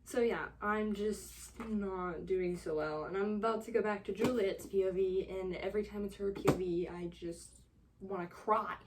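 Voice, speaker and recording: A woman's voice: medium pitch, fairly even intonation, normal speed, background noise. A young woman chatting casually in a reading vlog. She talks in an exasperated, rambling way, full of fillers and dramatic sighs. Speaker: book vlogger.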